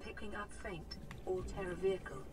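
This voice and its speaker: A woman voicing a cool, level-toned game computer, lowish voice, reporting scan results evenly, soft music running underneath. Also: normal speed, close to an everyday voice. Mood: informational. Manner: even, informational report delivery. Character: calm female onboard computer assistant. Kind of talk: game voice-over.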